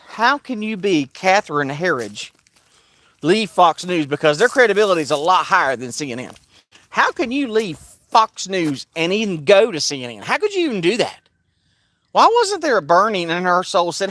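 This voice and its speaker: A man's voice: on the high side, big pitch swings, normal speed, fairly bright tone, no room sound. Heated, sarcastic male commentator. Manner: heated, sarcastic, repeats a mocking refrain. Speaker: online commentator. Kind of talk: casual ranting monologue.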